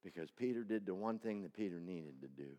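A man preaching a sermon to a congregation, swinging between loud cries and hushed low tones. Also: animated, a little fast, long reverb tail.

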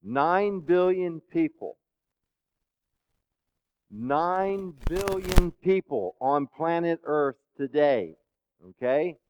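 A man preaching a sermon who keeps asking the congregation questions and swings between soft and loud. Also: a little high, lively intonation, drawn-out words, pauses often, clean tone, muffled recording. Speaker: pastor.

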